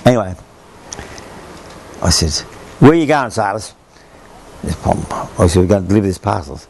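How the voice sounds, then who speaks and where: Gravelly older Australian man rambling. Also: low-pitched, animated, moderate pace, darkish tone, a little hiss or hum. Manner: rambling storyteller who repeats himself and acts out quoted voices. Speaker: interviewee, former sailor. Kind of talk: oral history reminiscence.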